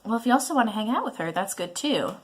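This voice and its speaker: A woman's voice: medium pitch, expressive, fast talker, slightly rough. A woman voicing a controlling, prying middle-aged mother in a browser game, nagging and guilt-tripping. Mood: scolding.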